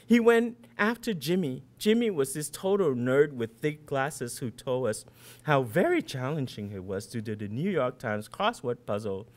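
A man's voice: medium pitch, a little mellow. A man in his fifties, an author from Vietnam, reading his short fiction aloud in a first-person boy's storytelling voice.

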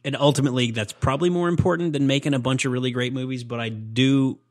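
A man's voice: medium pitch, steady tone, quick pace. A man co-hosting a podcast, talking about a film in an easygoing, casual way. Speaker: podcast co-host. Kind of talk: casual movie chat.

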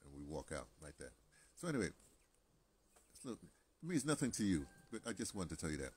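A man's voice: lowish voice, sing-song, fairly quick, a little mellow, slightly rough. An American man talking to camera in a rambling, casual monologue, chatty and digressive, with many restarts and asides. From United States. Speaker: vlogger.

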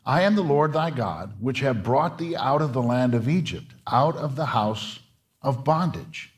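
A male pastor preaching a sermon in a church, earnest, repeating his words and rising as he presses his points. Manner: earnest preaching, repeats words, rises in pitch when stirred. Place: church sanctuary.

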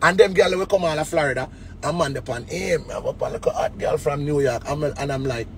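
A man's voice: a little high, fairly quick, slight background noise. A man with a Jamaican accent in a casual comic rant, mocking people and dropping into sneering quoted voices. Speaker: DJ ranting on a web show.

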